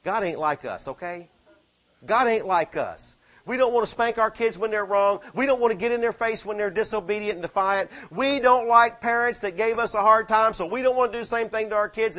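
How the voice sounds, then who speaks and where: A man preaching a sermon, swinging from low, quiet asides to fervent exhortation full of rhetorical questions. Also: a little fast, few pauses.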